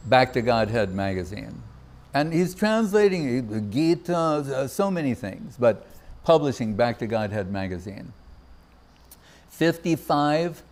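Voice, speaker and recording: A man giving a devotional festival talk, telling anecdotes and acting out the voices of the people he quotes. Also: medium pitch. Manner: anecdotal, warm laughter, acts out quoted voices. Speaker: Gaudiya Vaishnava speaker. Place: temple festival gathering.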